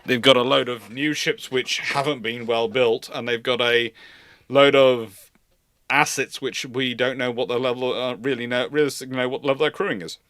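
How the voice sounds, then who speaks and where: Bright-voiced man, lively lecturing. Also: mid-range voice, normal speed, no echo. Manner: animated, playful storyteller. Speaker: naval historian and channel host. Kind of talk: live-stream lecture chat.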